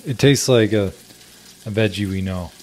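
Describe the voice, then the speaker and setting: A man's voice: fairly low pitch, moderate pace, darkish tone, slight background noise. A man with a German accent, chatting casually while tasting and cooking wild plants in his home kitchen. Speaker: homestead vlogger.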